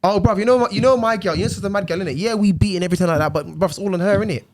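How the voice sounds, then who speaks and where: A man's voice: high voice, rapid-fire, a little mellow. A man voicing a dismissive young father, offhand and slangy. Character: dismissive young father brushing off a social worker.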